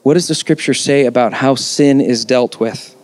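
A man's voice: medium pitch, normal speed. A man preaching a sermon as pastor, conversational yet emphatic, with rhetorical questions.

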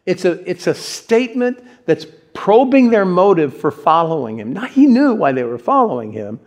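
A male pastor giving a sermon, telling stories in an animated way and putting questions to his congregation. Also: sits high, moderate pace. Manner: animated storyteller, acts out quotes, asks the audience questions. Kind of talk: sermon with personal storytelling.

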